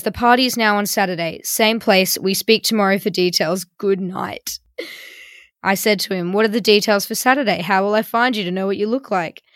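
A woman's voice: medium pitch, no echo, studio quality. A young woman hosting a podcast, telling a story in a chatty, wry way and reading out messages with mock drama. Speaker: podcast host. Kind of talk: casual storytelling chat.

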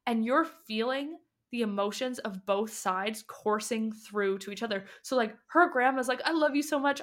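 A woman's voice: a little high, fairly bright tone. A young woman who works as a medium, chatting casually on a podcast and acting out the dialogue she quotes. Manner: chatty, lots of fillers, acts out quoted dialogue. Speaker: medium and past life regression guide.

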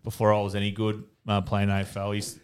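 A man's voice: fairly low pitch, completely flat delivery, quick pace, clear, resonant tone. Laid-back Australian man swapping footy stories. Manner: swears freely, laughs through stories. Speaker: former professional footballer. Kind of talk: casual podcast chat.

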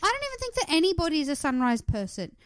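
Animated woman, podcast co-host. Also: sits high, rapid-fire, background noise. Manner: animated, mocking, puts on voices in quotes. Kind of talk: casual chat.

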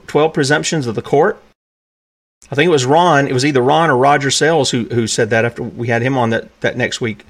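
Male host, fairly high voice, emphatic solo commentary with frequent asides. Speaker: podcast host. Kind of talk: solo commentary, reading from documents.

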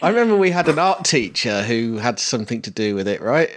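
A man co-hosting a casual film podcast, giving quiet, brief replies. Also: medium pitch, big pitch swings, quick pace. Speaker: podcast co-host.

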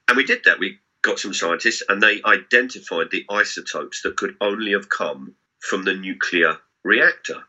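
A man's voice: on the low side, normal speed, few pauses. A middle-aged man, telling comic anecdotes as a guest and swearing freely. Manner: animated, swearing storyteller. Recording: dull lo-fi sound.

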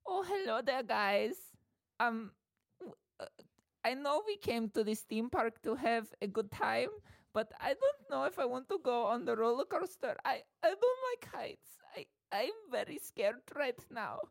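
A tiny, frightened creature whose voice jumps far up into a squeaky register. He whimpers, begs and shrieks in panic, recorded dry and close. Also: big pitch swings, measured pace, creaky, no room sound, exaggerated voice. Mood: nervous. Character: terrified high-pitched little man on a roller coaster.

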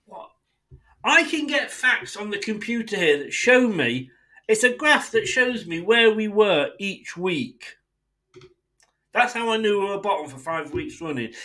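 A man's voice: high voice, a bit bright, low-quality recording. A man hosting a football fan podcast, delivering an indignant, sweary solo rant addressed straight at his club's owners.

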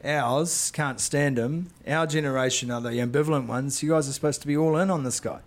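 A middle-aged man hosting a podcast, chatting in a teasing, animated way. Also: mid-range voice, brisk. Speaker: podcast host. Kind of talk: casual chat.

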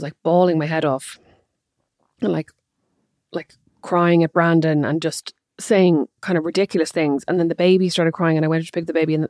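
An Irish woman co-hosting a podcast, talking quickly and openly in a low-pitched voice. She is frank and chatty, and the sound is close and dry. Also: darkish tone, dry recording. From Ireland. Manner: rapid, candid and chatty, with laughs. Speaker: podcast co-host. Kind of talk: casual chat.

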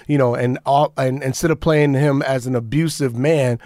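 A man, an actor and comedian, chatting as a guest in a casual interview, telling animated stories, laughing often and repeating phrases for emphasis. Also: medium pitch, moderate pace, dry recording.

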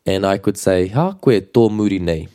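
Deep, mellow-voiced New Zealand man as a patient language teacher who repeats phrases slowly. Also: clear, resonant tone. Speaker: te reo Māori teacher. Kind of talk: relaxed language lesson.

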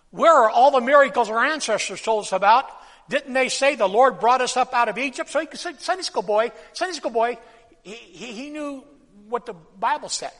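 A male pastor preaching in a church sanctuary, his very high, bright voice ringing with a long hall reverb. He swings between loud bursts and hushed, quiet lines. He has the congregation repeat key phrases after him. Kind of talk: sermon.

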